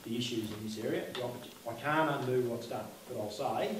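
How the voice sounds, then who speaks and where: A man's voice: medium pitch, brisk. An official at a community meeting answers residents in a conciliatory tone, hesitating and restarting his sentences. He is heard from a distance in a very echoey hall with faint noise.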